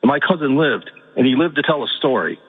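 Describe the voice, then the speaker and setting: A male radio caller from Michigan with a husky voice, telling a personal story in a halting, emotional way with repeated words. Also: mid-range voice, lively intonation. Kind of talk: call-in radio talk. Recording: tinny phone line with long reverb.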